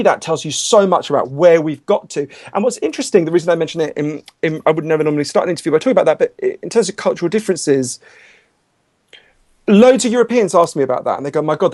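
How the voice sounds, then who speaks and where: Author guest, man, slightly raised pitch, has a cold, frank and intense. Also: a little mellow. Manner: passionate, candid, with frequent restarts. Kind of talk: conversational interview.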